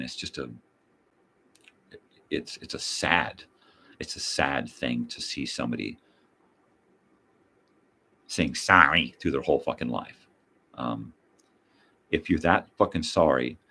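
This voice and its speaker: Very deep husky older man ranting. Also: a bit bright. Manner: profane, blunt ranting with mocking repeats. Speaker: host. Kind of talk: ranting monologue.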